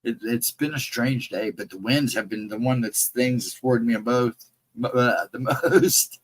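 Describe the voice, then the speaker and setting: A man chatting on a livestream and greeting viewers by name, in a rambling casual way, his voice hoarse and cracking from laryngitis. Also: medium pitch, steady tone, unhurried, rough recording. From central Ohio, United States. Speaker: livestream co-host.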